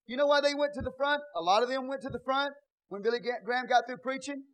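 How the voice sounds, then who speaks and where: A man preaching a sermon as pastor in a church, dropping to quiet asides and rising to loud shouts. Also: extremely high pitch, fairly quick, no echo, rough recording.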